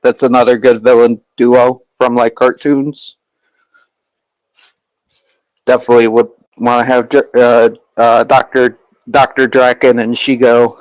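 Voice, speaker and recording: A man's voice: medium pitch, flat delivery, a little slow, long pauses, dry recording, low-quality recording. Rambling young man chatting with viewers. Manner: rambling, many fillers and restarts. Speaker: streamer. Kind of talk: casual chat with viewers.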